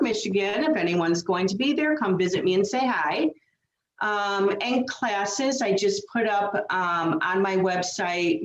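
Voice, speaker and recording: A woman medium telling stories in a casual interview, lively and full of acted quotes. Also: mid-range voice. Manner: animated storytelling with acted quotes. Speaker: medium, guest. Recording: roomy, dull lo-fi sound.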